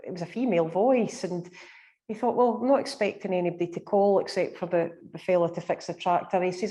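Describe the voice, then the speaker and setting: A woman, a paranormal researcher, recounting ghost experiences in a chatty, measured way with many fillers. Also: medium pitch, warm tone. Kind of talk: storytelling in conversation.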